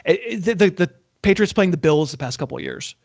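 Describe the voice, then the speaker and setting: A man trades football picks with sarcastic asides in a loose, casual way. His voice sits a little high and is recorded close and dry, with no room sound. It comes across as relaxed podcast banter. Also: fast talker, creaky, no echo. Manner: wry, sarcastic jabs. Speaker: NFL betting podcast co-host. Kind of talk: casual sports betting chat.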